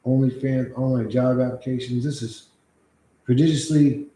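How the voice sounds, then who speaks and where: A man's voice: medium pitch, moderate pace, mellow. A man chatting on a casual livestream, rambling and swearing freely as he reacts to chat. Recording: echoey room.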